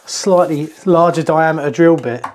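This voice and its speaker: This plumber, whose voice sits on the high side, speaks at a normal pace as he chattily walks through an indoor how-to in a customer's bathroom, tossing jokes to the camera. Heavy background noise and music run under his voice.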